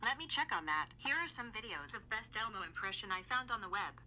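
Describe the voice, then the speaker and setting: A synthetic female voice assistant answering in even, polite phrases, played through speakers. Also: medium pitch, a little fast, slight background noise. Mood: neutral.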